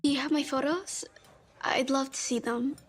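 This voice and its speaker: An actress playing an eager young woman, speaking in a soft, breathy whisper. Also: high voice, fairly even intonation, moderate pace, lightly acted.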